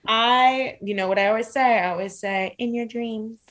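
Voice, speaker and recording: A woman's voice: on the high side, fairly even intonation, normal speed, fairly bright tone. A woman guest on a casual podcast chat, joking and acting out voices in the stories she tells. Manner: jokey, acts out quoted voices.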